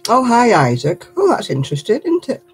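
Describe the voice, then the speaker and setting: A woman's voice: a little high, huge pitch swings, a little fast, darkish tone, soft background music. An older woman, a great-grandmother, chatting casually and laughing often as she reads viewer comments on her crafting livestream.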